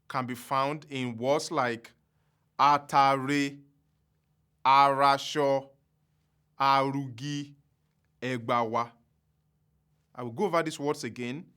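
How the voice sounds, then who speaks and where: A man teaching a language lesson slowly and deliberately, with careful pauses, and chanting drill syllables in a high, drawn-out voice. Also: a bit bright.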